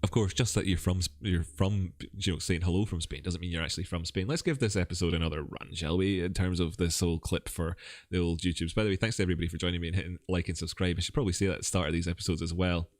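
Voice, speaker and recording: A Scottish man hosting a live crypto chart stream, rambling and self-mocking, his voice a bit rough. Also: sits low, fairly even intonation, quick pace, dry recording, studio quality. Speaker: crypto livestream host. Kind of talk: casual live chart analysis.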